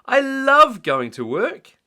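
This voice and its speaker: A high, squeaky little piglet girl from a storybook, bursting with glee and squealing at every turn, as a man puts her on. Her voice swoops wildly up and down, drawn out slowly and brightly. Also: wildly swooping pitch, exaggerated voice. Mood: gleeful. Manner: squealing, gleeful.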